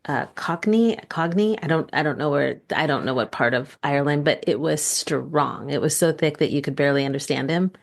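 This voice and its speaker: A woman's voice: deep voice, fairly even intonation, brisk, creaky, few pauses. A woman from the United States hosting a podcast, chatting casually with her son, encouraging him with open questions and frequent affirming murmurs. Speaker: podcast host and mother.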